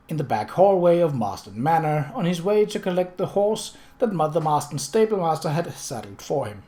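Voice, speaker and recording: A man narrating an audiobook in a steady, measured way. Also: fairly high pitch. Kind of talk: audiobook reading.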